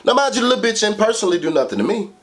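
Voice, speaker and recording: A man telling a childhood story to camera in a casual, animated way, swearing heavily. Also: very fast, background noise. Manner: animated, profane, heavy swearing; big swings in pitch for emphasis. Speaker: vlogger.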